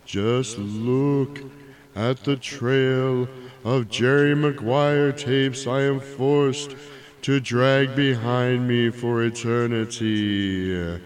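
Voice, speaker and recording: A man voicing a mournful male ghost in a comedy sketch, with a high, drawn-out wail. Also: steady tone. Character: moaning male ghost dragging chains, mournful.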